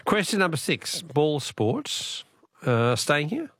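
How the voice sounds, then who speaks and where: Lively Australian man hosting radio quiz. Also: fairly high pitch, slow, breathy edge, no room sound, clean studio sound. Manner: jokey, laughs often, chatty.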